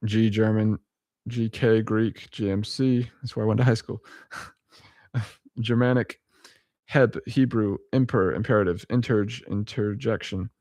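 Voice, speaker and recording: A man's voice: on the low side, steady tone, unhurried, a little mellow, no echo. Chuckling man reading abbreviations aloud. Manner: chuckling often, self-correcting, rambling asides; spells out abbreviations letter by letter. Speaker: vlogger. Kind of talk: casual reading-aloud vlog.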